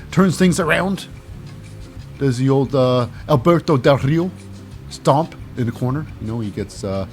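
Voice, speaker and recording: A man's voice: a little high, darkish tone. A man casually recapping a wrestling show, rambling with lots of fillers and snarky asides.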